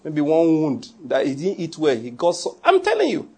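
A man's voice: fairly high pitch, huge pitch swings, normal speed, a little mellow, slightly rough. A man with a Nigerian accent preaching a sermon, chatty and humorous, dropping into Pidgin asides. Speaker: pastor.

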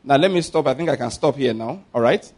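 A man preaching a sermon, reading scripture aloud slowly and with rising emphasis, then explaining it briskly and addressing the congregation directly. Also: medium pitch, animated, a little mellow. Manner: addresses the congregation directly, asking them to repeat words. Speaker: pastor.

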